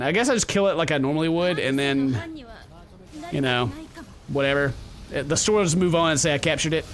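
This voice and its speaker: A young man commentating his gameplay, goofy and excitable, talking back to the characters on screen. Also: a little high, brisk. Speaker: gaming video host. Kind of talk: game commentary.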